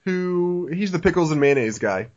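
A man's voice: sits high, animated, normal speed, a little mellow. Man podcast host on a dull lo-fi mic. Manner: laughs often, repeats words when restarting. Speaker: podcast host reading listener email. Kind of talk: casual chat. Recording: dull lo-fi sound.

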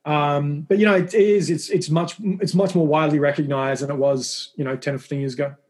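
Fast-talking Australian man. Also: a little high, steady tone, a little mellow. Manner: rambling, self-deprecating, quick. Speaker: guest. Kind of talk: casual interview conversation.

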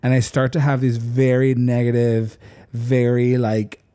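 A man on a podcast telling a story in a casual, animated way, full of "like" and casual swearing. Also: medium pitch, a little slow, clear, resonant tone. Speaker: podcast co-host.

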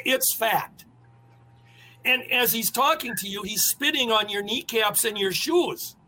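A man spins blunt, colorful anecdotes as a podcast co-host. His voice sits high and sounds bright and forceful. A faint noise runs under the recording. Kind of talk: storytelling chat.

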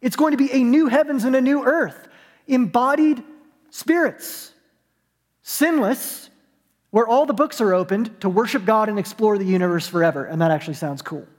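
A man preaching a sermon, telling a story and moving between hushed, soft moments and rising, emphatic calls. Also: extremely high pitch, moderate pace. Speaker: pastor. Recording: long hall reverb.

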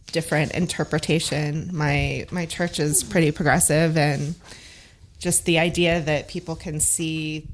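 A woman in a casual podcast discussion, talking thoughtfully and hesitantly, with many fillers and restarts. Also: low voice.

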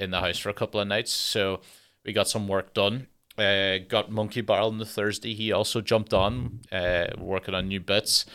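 A man's voice: on the low side, pushed and bright. A man, a stand-up comedian hosting his own podcast in a rambling, sweary, jokey solo monologue.

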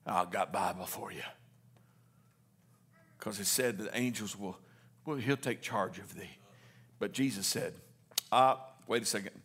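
A middle-aged male pastor preaching a sermon, reading scripture slowly and building to fervent, rising waves. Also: mid-range voice, animated, a bit bright, husky. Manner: reads scripture slowly with emphasis.

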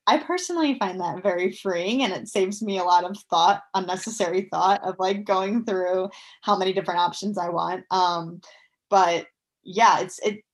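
A young woman in her twenties, chatting as a guest in an interview, upbeat with lots of fillers. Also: medium pitch. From United States. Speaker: guest, professional athlete. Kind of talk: casual interview chat.

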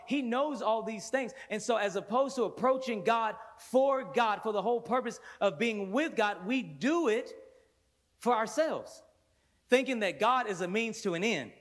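Brief: male worship pastor, high-pitched voice, fervent sermon in a church with loud peaks and quiet intense passages. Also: normal speed. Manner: fervent preaching with sudden loud bursts and hushed stretches; playful storytelling asides with laughter. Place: church sanctuary before a congregation.

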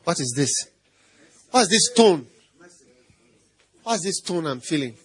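A middle-aged man preaching a sermon as pastor, animated and playful, quizzing the congregation and mimicking animal noises. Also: fairly high pitch, takes it slowly, breathy edge.

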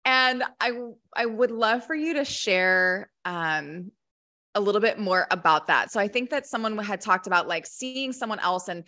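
A woman's voice: medium pitch, bright, forceful tone. A woman hosting a podcast, asking her guest questions in a casual, encouraging way. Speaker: host.

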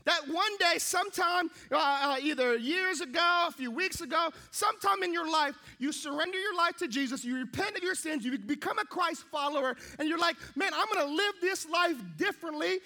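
High, bright-voiced young male pastor. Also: fairly quick, hardly any pauses. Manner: lively storytelling, acting out his own thoughts. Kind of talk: sermon with a comic personal story.

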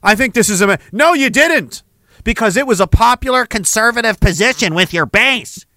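A middle-aged man hosting a podcast, ranting with heavy profanity and jumping between war stories and shouted quotes. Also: high-pitched, animated, normal speed, creaky, dry recording. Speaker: podcast host. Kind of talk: ranting monologue.

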